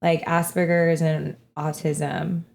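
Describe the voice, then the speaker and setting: This woman's voice sits low and gravelly with a mellow, dark tone. She chats casually as a podcast co-host and keeps asking easygoing questions. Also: flat delivery, slow. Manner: easygoing, laughs along, asks questions. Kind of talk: casual chat.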